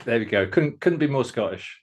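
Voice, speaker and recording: A man's voice: mid-range voice, expressive, fairly quick, muffled recording, slight background noise. Jokey, teasing man in podcast chat. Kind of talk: casual chat.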